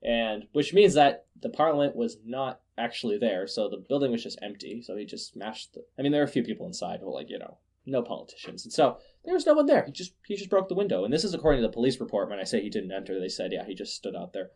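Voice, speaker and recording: A man talking through the day's news on a casual podcast, and it's one long run of deadpan sarcasm. His voice sits at an ordinary middle pitch while he breaks into laughs and trips over his own words as he goes. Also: fast talker, hardly any pauses, husky. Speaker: podcast host.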